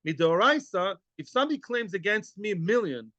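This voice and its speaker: A man giving a daily Talmud lecture, animated and acting out quoted claims, with Yiddish and Hebrew terms. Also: sits high, a little fast, no echo, dull audio. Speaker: Talmud teacher.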